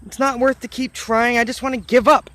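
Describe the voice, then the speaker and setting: A discouraged young woman in her early twenties, worn down and ready to give up, as a man puts her on while telling a story. Her low, weary delivery stays near an everyday speaking voice. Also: fairly even intonation, brisk, pushed and bright. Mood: despondent.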